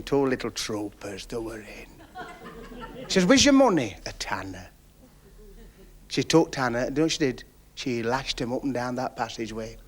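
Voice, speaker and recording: A man telling a long stand-up story, chatty, with confiding asides, on a 1970s television recording. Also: medium pitch. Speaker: stand-up comedian.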